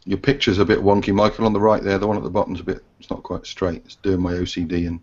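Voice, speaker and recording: A man giving deadpan, mock-pompous documentary commentary over a video call. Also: low-pitched, quick pace, lo-fi sound.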